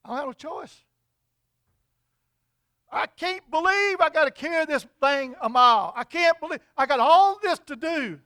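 A man voicing an angry laborer who resents being made to carry a heavy load, complaining in loud, exasperated outbursts. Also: very high-pitched, expressive, moderate pace, pauses often, no echo, studio quality, full character voice. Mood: resentful.

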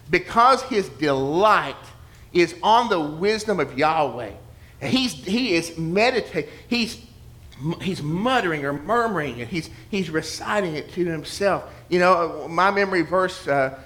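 A man delivering a sermon in a fairly high voice. He talks to the congregation directly, repeats himself for effect and throws out rhetorical questions. He drops to a near-mutter at times and then rises into loud, emphatic preaching. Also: expressive, measured pace. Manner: builds from murmured asides to loud emphatic preaching; repetitive, conversational with rhetorical questions. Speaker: pastor.

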